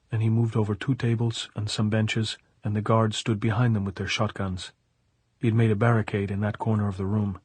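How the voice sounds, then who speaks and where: A man with a low, husky voice narrates a novel at an even, measured pace. The recording is dry and close, with no room sound. His delivery stays steady, like audiobook storytelling. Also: no room sound. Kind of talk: reading a novel aloud.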